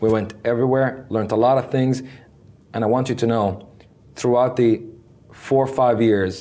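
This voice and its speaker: A man's voice: mid-range voice, fairly quick. A man whose first language is Arabic, telling his story in an interview and acting out the dialogue he quotes. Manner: animated, acts out quoted dialogue. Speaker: interview guest. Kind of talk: conversational storytelling.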